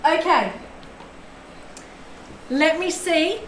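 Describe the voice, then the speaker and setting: A woman's voice: high voice, slow, pauses often, fairly bright tone, roomy sound, slight background noise, low-quality recording. A woman streaming live tarot readings, chatting effusively and thanking her viewers as she goes.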